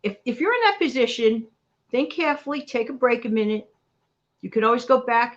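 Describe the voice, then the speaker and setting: A woman's voice: on the high side, a little fast, dull audio. A middle-aged woman with a New York accent, chatting live and encouraging her viewers in a motivational way. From New York City. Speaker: livestream host. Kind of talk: casual live chat.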